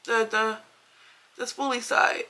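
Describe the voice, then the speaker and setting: Taking it slowly, a beauty vlogger with a slightly high voice keeps a steady yet sharp tone. She addresses her viewers directly in a casual makeup review and storytime, chatty, emphatic, and repetitive.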